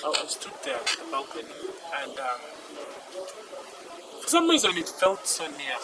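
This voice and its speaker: Halting young woman, noisy recording. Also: on the low side, lively intonation. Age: young adult. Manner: halting, repeats words, often sinks to a near whisper. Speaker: interviewee. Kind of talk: personal testimony. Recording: noisy background hiss.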